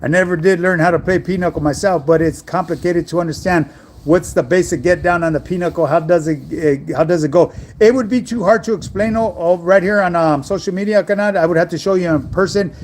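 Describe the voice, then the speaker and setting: A man's voice: high voice, a little fast, slight background noise. A middle-aged man, an online fitness coach, chatting casually on a livestream and answering viewer messages in laid-back street slang.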